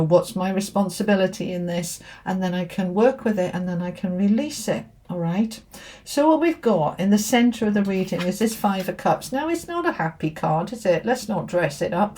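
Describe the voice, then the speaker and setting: A middle-aged woman talks through a tarot reading in a casual, chatty way. Her voice is warm and mellow, at an ordinary middle pitch. She keeps asking the listener questions and answering them herself. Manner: chatty, repeats rhetorical questions. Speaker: tarot reader and spiritual teacher.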